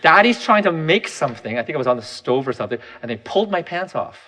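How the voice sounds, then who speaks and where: A man's voice: a little high, sing-song, quick pace, pushed and bright. Guy in his 30s doing a personal reflective talk, candid, kinda self-deprecating, restarts a lot.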